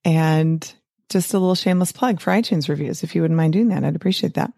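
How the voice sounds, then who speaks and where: A middle-aged woman hosting her own podcast, talking in a chatty, upbeat way with quick asides and frequent laughs. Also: low-pitched, gravelly, mellow, no echo, clean studio sound. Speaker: podcast host, physician and weight-loss coach. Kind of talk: casual solo podcast talk.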